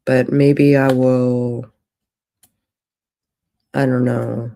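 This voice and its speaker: An author and streamer rambles unhurriedly on a casual livestream from a hotel room, thinking out loud. Her mellow, relaxed voice is very deep with vocal fry, and she speaks extremely slowly, taking her time.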